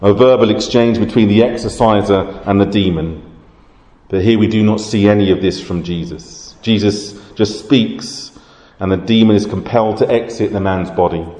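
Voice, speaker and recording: A low-pitched man delivers a sermon, explaining scripture in a steady, measured way. His voice rings out with a long reverb, as if recorded in a large, roomy hall. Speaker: preacher.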